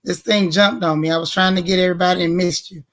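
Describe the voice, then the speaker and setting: Hoarse woman hosting a chatty livestream. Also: on the low side, steady tone, quick pace. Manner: warm, chatty, greets viewers by name. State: hoarse, strained voice. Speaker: livestream host. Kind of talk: casual livestream greetings to viewers.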